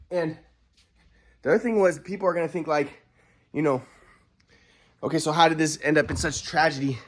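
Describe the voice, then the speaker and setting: A man's voice: a little high, a little hiss or hum. Young man, vlogger, personal story, rambling, aggrieved, stumbling restarts.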